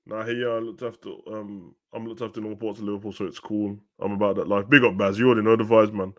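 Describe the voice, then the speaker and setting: A young man with a fairly low voice talks fast while hosting a live football watch-along. He chats in slang and rises into loud, excited play-by-play.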